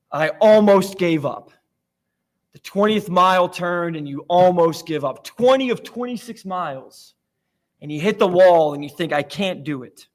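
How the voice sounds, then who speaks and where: A man with a fairly high voice delivers a church sermon, from Florida by his own account. He talks like he's chatting with friends, slipping in self-deprecating stories between points. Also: a bit bright. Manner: conversational storytelling, self-deprecating. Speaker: preacher. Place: church sanctuary.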